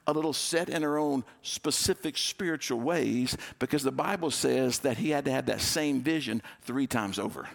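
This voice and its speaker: A male pastor delivers a storytelling sermon with a gravelly, fry-tinged voice. He tells the story with a lot of animation and slips into the voices of its characters to act them out. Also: fairly high pitch, fairly bright tone.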